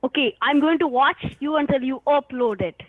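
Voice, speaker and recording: A woman on a phone call, impatient and loud, shouting, cursing and cackling. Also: high-pitched, moderate pace. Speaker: phone scammer being pranked. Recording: tinny phone line.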